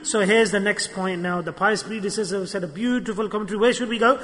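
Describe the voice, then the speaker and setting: A man giving an animated storytelling sermon at a gathering, acting out dialogue and using Arabic religious terms. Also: high-pitched, fast. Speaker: preacher. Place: gathering hall. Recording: long hall reverb.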